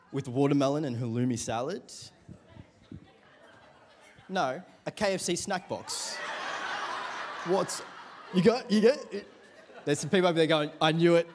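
A young adult man, a pastor preaching a sermon in church, telling a funny story with call-and-response to the congregation. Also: high voice.

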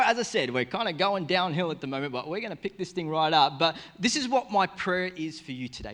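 A young man preaches to his congregation with a notably high voice for a man. His delivery is casual and energetic, and he often breaks into side remarks and restarts his sentences as he goes. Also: big-room sound. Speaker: pastor. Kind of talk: sermon.

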